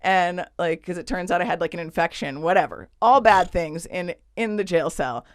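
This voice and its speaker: Animated, profane woman telling a story. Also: on the low side, moderate pace, no echo, clean studio sound. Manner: animated, profane, acts out other voices. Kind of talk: casual comedic storytelling.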